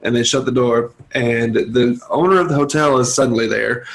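Gravelly-voiced man recapping a movie. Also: mid-range voice, moderate pace, slight background noise, rough recording. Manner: chatty storyteller, wry, laughing. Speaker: podcast co-host. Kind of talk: casual movie recap chat.

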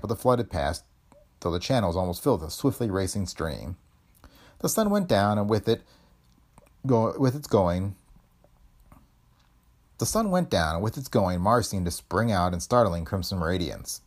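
A man narrating a pulp adventure story in a dramatic, expressive storytelling manner. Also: low voice.

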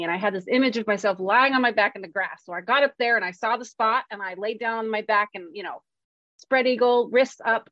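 A frank, self-deprecating woman shares a personal story in a casual chat and swears freely as she talks. Her voice sits at an ordinary middle pitch. It is captured in a dry, deadened room on a somewhat muffled, lo-fi recording. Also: no room sound. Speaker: screenwriter. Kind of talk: candid personal storytelling in conversation.

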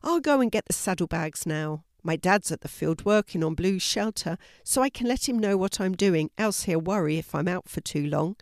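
A woman's voice: on the low side, expressive, moderate pace, hardly any pauses, no room sound, studio quality. A woman voicing a cheerful, helpful young girl who rides a horse in a storybook reading.

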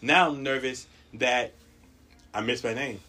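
A man telling a comedic story in casual talk, swearing a lot and jumping into a high voice when quoting others. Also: a little slow. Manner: profane, animated, acts out quotes in a high voice.

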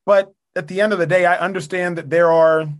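A young man guest on a podcast, making his case in a measured, earnest way with precise wording. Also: sits high, level tone. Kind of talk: casual debate.

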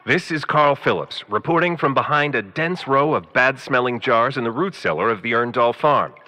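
A man's voice: mid-range voice, lively intonation, moderate pace, sharp tone, big-room sound. A man acting in a comic radio drama with a brash, wisecracking manner. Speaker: radio theater actor.

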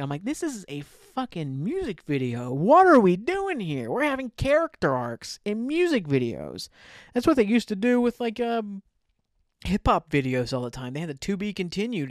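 A man's voice: fairly high pitch, darkish tone, no room sound, clean studio sound. A man hosting a casual solo podcast, rambling loosely, swearing offhand and often trailing off. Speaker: podcast host.

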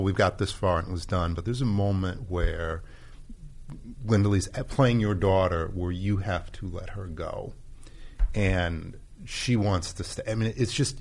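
A man with a fairly low voice talks through his working process. His speech is reflective, full of restarts and trailing phrases. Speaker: director. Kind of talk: casual chat.

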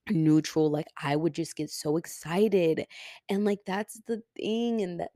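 A woman's voice: low voice, dry recording, clean studio sound. A young woman hosting her own podcast, talking casually and animatedly, full of "like" fillers and swearing, getting emotional. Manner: animated, chatty, heavy use of "like" and swearing. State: getting emotional, near tears. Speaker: podcast host. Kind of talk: casual solo podcast monologue.

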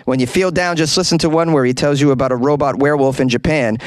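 A man hosting a comedy podcast from a small closet, reading listener reviews aloud in a playful, animated way. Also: a little high, brisk, few pauses. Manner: animated and playful, swooping up into silly yelps.

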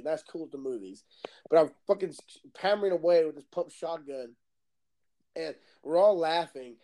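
A man telling a story in casual chat, animated and swearing, acting out the voices of the people in it. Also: on the high side. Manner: animated, swearing, acts out voices in his stories.

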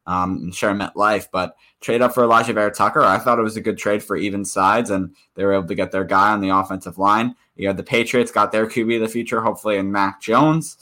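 Low bright-sounding dude rambling thru a football podcast, lots of restarts. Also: male voice, fairly even intonation, quick pace, few pauses. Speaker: podcast co-host. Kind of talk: casual sports chat.

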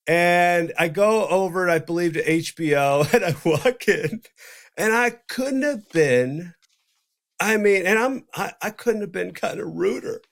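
A man's voice: high voice, unhurried, vocal fry. A middle-aged man, a podcast co-host, telling a story in casual chat, swearing freely and acting out the dialogue. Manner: profane, animated, acts out quoted dialogue.

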